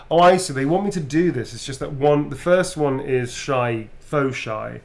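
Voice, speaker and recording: A man's voice: a little high, normal speed, gravelly. A man who is a guest actor, chatting playfully and muttering to himself as he signs autographs. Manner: playful, mutters while writing. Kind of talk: casual chat while signing. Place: indoor signing session.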